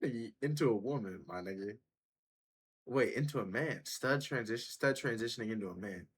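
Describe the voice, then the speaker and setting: A man's voice: medium pitch, a little fast. A man hosting a reaction video, talking casually in blunt, profane slang.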